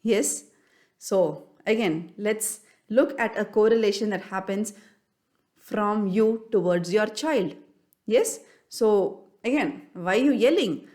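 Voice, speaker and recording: A woman speaks to parents as a coach, earnest and full of questions. She often restarts and repeats a phrase as she works through a point. Her voice sits at a middling pitch. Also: takes it slowly, a little mellow. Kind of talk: solo talk to parents.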